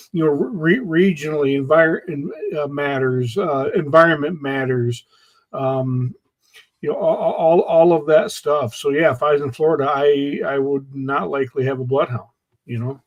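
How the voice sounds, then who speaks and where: Male podcast host, a bit high-pitched, halting casual delivery. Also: low-quality recording. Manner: halting, many restarts and fillers. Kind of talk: casual chat.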